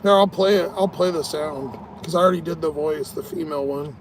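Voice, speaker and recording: A man's voice: on the high side, brisk, a little hiss or hum. A tired man vlogging in a casual, rambling way, swearing often and laughing at his own stories. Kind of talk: casual rambling vlog talk.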